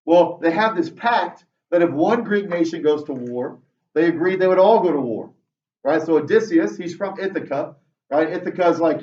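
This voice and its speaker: Brief: male English teacher, a bit high-voiced, lecturing a class and peppering every line with "right?", heard from across a roomy classroom. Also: normal speed. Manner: tags most sentences with "right?"; lively, talks straight to students. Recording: roomy, dull classroom audio from far off.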